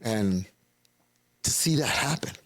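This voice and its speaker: A man's voice: fairly low pitch, animated, slow, fairly bright tone, dry recording. A man being interviewed as a guest, telling a personal testimony in a rambling, casual way and acting out the voices of people he quotes.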